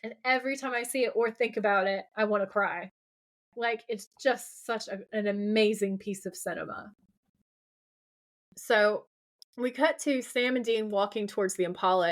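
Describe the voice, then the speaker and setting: A woman's voice: mid-range voice, normal speed. A young adult woman co-hosting a podcast, effusively retelling TV scenes by quoting the dialogue. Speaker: podcast co-host. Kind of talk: casual recap chat.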